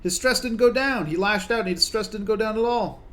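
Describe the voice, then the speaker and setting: A young gaming streamer gives live commentary on a colony game, coaxing his characters and growing exasperated with them. His voice is high-pitched and a bit bright, and he talks briskly.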